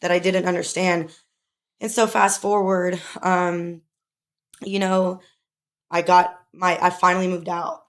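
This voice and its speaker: Young woman co-host, low steady voice, speaks openly and emotionally in a casual personal story. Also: unhurried. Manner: emotional, tearful at times, filler-heavy. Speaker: podcast co-host.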